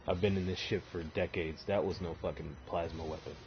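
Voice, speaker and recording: A gruff veteran male soldier insists in a low, lowered voice, swearing as he argues, as a man puts him on in a lore retelling. It sits near a plain speaking voice. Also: fairly even intonation, a little fast, dull audio, soft background music. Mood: indignant.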